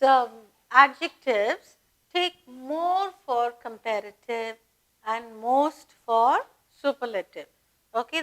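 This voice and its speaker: A woman teaching an English grammar lesson, reading out word lists slowly and deliberately with pauses between words. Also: a little high, a bit bright, rough recording. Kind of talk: slow classroom grammar lesson.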